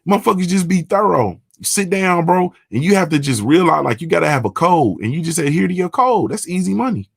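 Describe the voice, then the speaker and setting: A man's voice: fairly high pitch, big pitch swings, brisk, gravelly, hardly any pauses, slightly rough, dry recording, studio quality. A man, hosting a morning show and talking bluntly and profanely in a casual monologue. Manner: blunt, profane, repeats "you understand what I'm saying".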